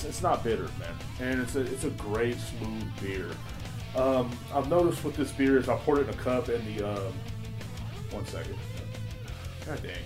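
A man hosting a podcast in casual chat, rambling and laid-back, swearing often and leaning on fillers. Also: mid-range voice. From Texas. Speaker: podcast host.

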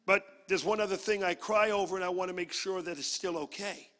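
A man from Brooklyn, New York, preaching a sermon as a guest preacher, energetic and humorous. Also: high voice, fairly quick, big-room sound.

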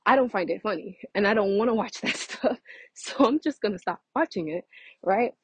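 A woman's voice: medium pitch, lively intonation, fairly quick, breathy edge, no echo, low-quality recording. A young woman venting casually to her followers, chatty and exasperated, with laughing asides, a little out of breath from walking outdoors. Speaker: vlogger. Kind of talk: casual vent to camera.

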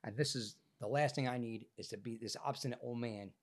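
A man, an actor guest on a podcast, telling a story in a profane, animated way, his voice changed by illness. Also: medium pitch, brisk. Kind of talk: casual podcast interview storytelling.

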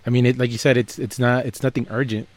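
A man's voice: medium pitch, level tone, fast talker. A man co-hosting a podcast from San Antonio, chatting casually and teasing his partner. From San Antonio, Texas. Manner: easygoing, teasing. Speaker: podcast co-host.

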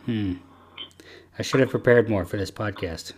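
A man's voice: fairly low pitch, normal speed. A man hosting a casual podcast chat, rambling and easygoing with lots of fillers. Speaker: podcast host.

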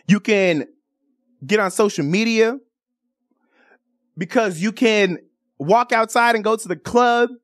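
A woman's voice: mid-range voice, no room sound, studio quality. A woman from Chicago hosting a radio and TV talk show, chatting casually with playful, theatrical outbursts. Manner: animated, playful, theatrical cries and bird calls. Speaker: radio and TV host. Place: radio studio.

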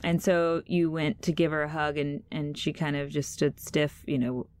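A woman's voice: low-pitched, flat delivery, normal speed, a little mellow, no room sound. A woman in her thirties hosting a podcast, telling a long story in a chatty way with fillers and restarts. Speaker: podcast host. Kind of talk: casual podcast interview.

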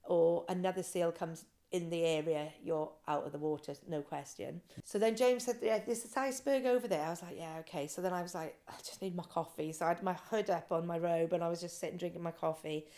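A woman guest on a podcast, telling her swim story with animated quoted voices. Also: lowish voice, fairly quick, few pauses. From Britain. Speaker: guest, ice swimmer. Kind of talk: casual interview storytelling.

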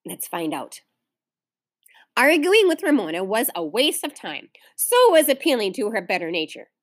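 Expressive woman teacher reading aloud. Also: on the high side. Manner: expressive storytelling, pauses to explain to children. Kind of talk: reading a novel aloud to a class.

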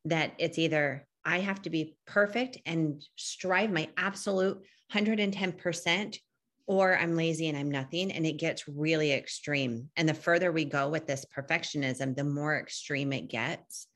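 A woman with a low voice speaks in a relaxed podcast chat. She talks earnestly and reflectively, now and then acting out what other people say. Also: normal speed. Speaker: podcast co-host. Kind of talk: casual podcast conversation.

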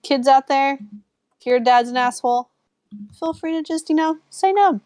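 A woman's voice: high voice, moderate pace, darkish tone, no echo. A woman co-hosting a casual podcast, chatty and jokey, and she laughs often as she talks. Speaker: podcast co-host.

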